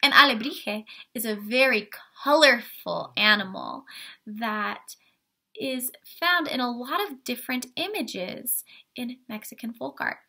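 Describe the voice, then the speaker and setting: A woman's voice: a little high, lively intonation, measured pace, pushed and bright. A woman art teacher giving an upbeat online lesson to children, asking them questions and walking them through drawing step by step. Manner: upbeat, talks directly to kids with questions.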